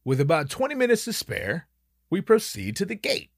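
Animated, profane male storyteller. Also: high-pitched, moderate pace, husky, dry recording, studio quality. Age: young adult. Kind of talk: personal anecdote storytelling.

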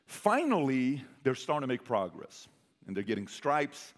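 A man telling a personal story to a live audience as a motivational speaker. He quizzes the crowd and swings between loud bursts and hushed asides. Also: mid-range voice, very animated, moderate pace. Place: large hall with an audience. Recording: long hall reverb.

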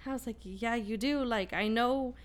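Woman, thirties, casual chat, lively storyteller, swears a lot, slightly high voice. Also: normal speed. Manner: animated storyteller, heavy swearing, quoting others. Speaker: parent telling a story.

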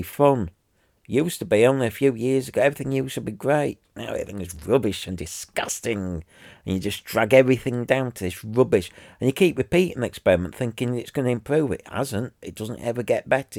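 A man's voice: on the low side, darkish tone, no room sound, clean studio sound. A man ranting angrily to his viewers, repeating himself and sounding exasperated. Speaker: vlogger. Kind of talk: angry rant to camera.

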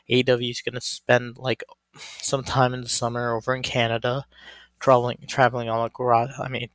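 A man's voice: medium pitch, creaky, fairly bright tone, dry recording. A man hosting a casual solo wrestling commentary, rambling with lots of fillers and restarts. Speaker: wrestling podcast host.

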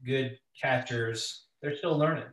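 A man's voice: medium pitch, unhurried, a bit bright. A man from Washington State hosting a casual chat, easygoing, often saying "man". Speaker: interview host, coach. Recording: roomy, off-mic.

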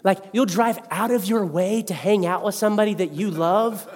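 A man preaching a sermon as pastor, animated and acting out the voices in his stories. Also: high-pitched, normal speed. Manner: animated storyteller who acts out quotes. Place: church. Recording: long hall reverb.

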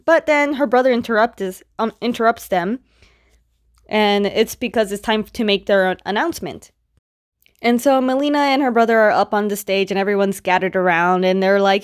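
A woman's voice: mid-range voice, moderate pace. A woman casually recapping a comic book story, chatty and full of filler words. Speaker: reviewer retelling a story.

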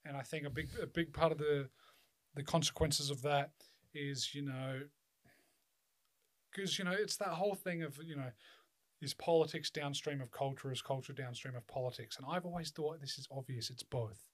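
A man's voice: fairly high pitch, normal speed. A man in casual podcast chat, swearing a lot and talking emphatically with many restarts.

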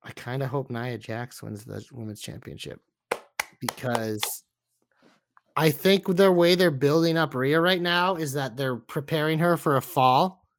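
A man's voice: measured pace, no room sound, clean studio sound. A man co-hosting a podcast in casual wrestling chat, joking and playful. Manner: joking, playful, lively swings of pitch. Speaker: podcast co-host.

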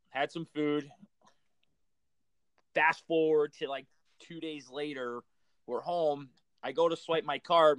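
A man's voice: on the high side, a bit bright, dry recording. Blunt, swearing man on a dry podcast mic. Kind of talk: casual chat.

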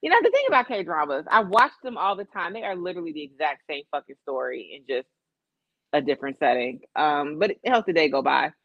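A woman co-hosting a casual podcast chat, animated, cursing and laughing often. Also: deep voice, brisk, no echo, dull audio. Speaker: podcast co-host.

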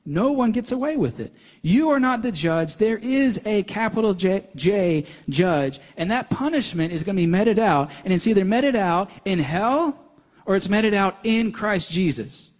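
A young male pastor preaching a sermon, earnest, building to intense emphasis and then dropping soft. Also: high-pitched, lively intonation, unhurried.

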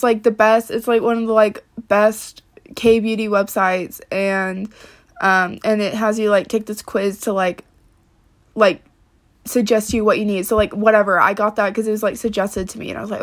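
A woman talking casually to camera in a rambling way, full of "like" and swearing. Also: medium pitch. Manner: rambling, heavy use of "like", frequent swearing. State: upset, close to tears. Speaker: vlogger.

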